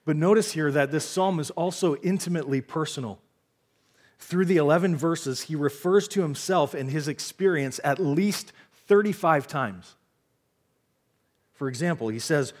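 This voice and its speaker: A man's voice: fairly high pitch, moderate pace, a little mellow. A man preaching a sermon as pastor, earnest and repeating key lines for emphasis. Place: church sanctuary.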